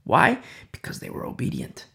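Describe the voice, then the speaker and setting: A woman's voice: moderate pace, a bit bright. A woman pastor delivering a sermon emphatically, repeating key phrases and dropping to near-whispers.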